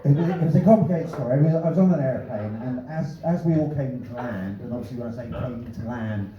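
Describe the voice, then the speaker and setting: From a small club stage, a man performs a stand-up set of new material, firing off dry, punning one-liners and offhand asides. His medium-pitched voice is fast and lively, and the recording sounds distant, slightly dull, and echoey, with crowd noise.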